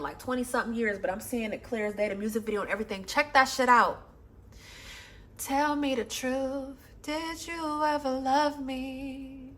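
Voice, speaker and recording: Fired-up woman tarot reader, high voice. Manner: emotional, profane, slangy talk, swings loud then soft. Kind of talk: casual pick-a-pile reading.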